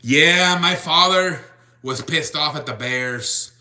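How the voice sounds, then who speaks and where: A young man runs a sports stream and talks loosely and unscripted to his chat, rambling, restarting often and reading chat messages aloud. His voice is slightly high, bright and forceful, and he speaks slowly.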